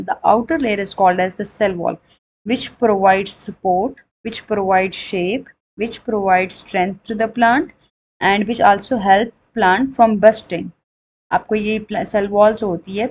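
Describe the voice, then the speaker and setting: A woman's voice: medium pitch, darkish tone, slight background noise, poor audio. Woman lecturing on biology. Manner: explanatory, repeats and rephrases points, frequent fillers; switches into Hindi for examples. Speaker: biology teacher. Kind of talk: recorded classroom lecture.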